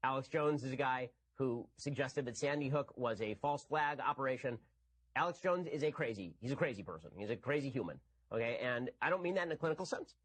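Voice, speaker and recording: A man's voice: mid-range voice, expressive, fairly bright tone, slightly rough. A man giving an argumentative commentary monologue. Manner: rapid, argumentative. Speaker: political commentator.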